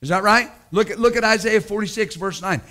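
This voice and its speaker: A middle-aged male pastor preaching with a high, bright, forceful voice. He pushes hard on key points, then drops into quiet, casual asides and stories. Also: fairly quick. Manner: emphatic preaching, swings from loud to quiet storytelling. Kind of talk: sermon.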